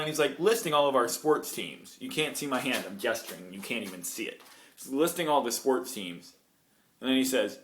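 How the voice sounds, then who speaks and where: A man telling a true story on his vlog in an animated, digressive way. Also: mid-range voice, normal speed. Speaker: vlogger. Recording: roomy echo.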